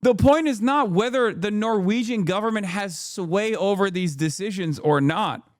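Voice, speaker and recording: A man hosting a live stream, reacting to news in an incredulous, profane, fast-riffing way. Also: high-pitched, dry recording, studio quality. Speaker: streamer host.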